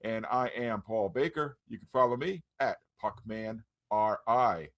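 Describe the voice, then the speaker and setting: A man's voice: fairly low pitch, a little slow, fairly bright tone. A man hosting a casual podcast, upbeat as he runs through show plugs and introductions. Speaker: podcast host.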